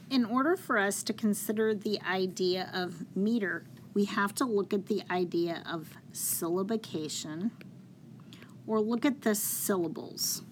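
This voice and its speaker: A woman teaches a poetry lesson at an unhurried pace, walking through each step patiently and counting syllables out loud. Her pitch sits in an ordinary middle range, and a faint hum of room ambience runs underneath.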